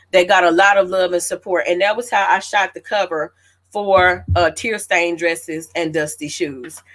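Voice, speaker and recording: An animated woman in her late thirties tells a personal story in a relaxed, chatty way, often turning to her listeners. Her voice sits at an ordinary middle pitch for a woman. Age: late 30s. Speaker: author hosting her own celebration. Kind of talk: casual storytelling to an audience.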